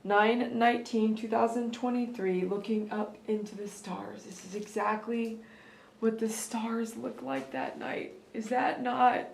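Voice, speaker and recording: A woman's voice: a little high, fairly even intonation, a little slow, creaky, a little mellow, reverberant. A woman hosting a live stream, opening gifts in an emotional, tearful way and laughing often. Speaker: host of a pet grooming channel.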